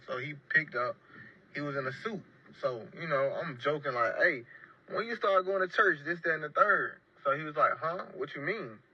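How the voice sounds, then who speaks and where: A man's voice: fairly high pitch, highs cut off. A man telling a personal story casually and emphatically, often repeating his phrases. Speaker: storyteller in a played clip.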